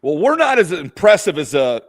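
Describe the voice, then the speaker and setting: A man's voice: a little high, big pitch swings, normal speed. A man co-hosting a wrestling podcast in a studio, asking a guest friendly questions. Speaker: podcast co-host. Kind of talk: casual interview chat.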